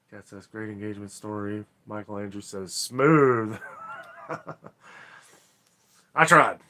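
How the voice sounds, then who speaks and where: A man with a fairly low, sharp-toned voice hosts a relaxed live stream. Rambling and chatty, he reads viewer comments aloud, often apologizing and laughing.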